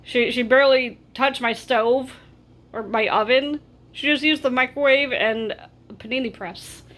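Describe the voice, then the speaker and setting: A woman's voice: on the high side, a little slow, a bit bright. A woman vlogger telling a storytime, exasperated and ranting with animation. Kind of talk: storytime vlog.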